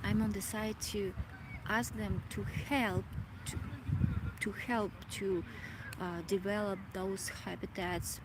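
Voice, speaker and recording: A woman vlogging a reflective personal monologue, emotional and halting, often restarting as she searches for words. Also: medium pitch, fairly even intonation. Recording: loud background noise.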